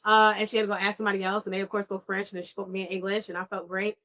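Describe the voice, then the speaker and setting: Podcast co-host, young woman, bright voice, animated storyteller. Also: mid-range voice, rapid-fire. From New York. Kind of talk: casual chat over wine.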